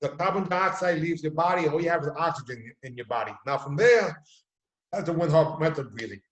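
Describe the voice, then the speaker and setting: A man hosting a casual video chat, an animated storyteller who acts out the quotes he tells. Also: a little high, brisk. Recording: echoey room.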